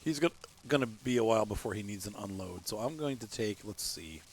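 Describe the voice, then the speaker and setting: A man talks through a farming game in a loose, chatty way, poking fun at himself as he goes. His pitch swoops up and down expressively. The recording carries a clear layer of background noise from the game. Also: expressive, a little fast. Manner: chatty, self-mocking, laughs at himself. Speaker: let's play host. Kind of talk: casual gameplay commentary.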